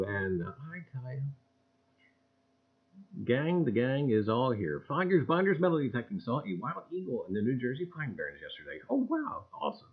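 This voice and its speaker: A man hosting a casual livestream, greeting viewers one by one with exuberant shouts and leaning on catchphrases like "gang" and "I tell you.". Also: big pitch swings, moderate pace, slightly rough, lo-fi sound. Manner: exuberant, greets chatters one by one with sudden loud jumps in pitch. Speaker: livestream host.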